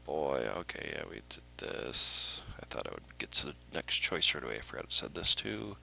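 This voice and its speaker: A man's voice: extremely low pitch, sing-song, normal speed, creaky, a little hiss or hum. Rambling jokey gamer guy. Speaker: let's play gamer. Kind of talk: game commentary. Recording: loud game music behind.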